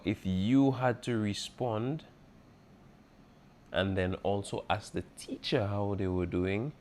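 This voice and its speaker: A man's voice: fairly low pitch, darkish tone. A man as a teacher going over an exam review, patiently repeating key points and checking in with his students. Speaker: Spanish teacher.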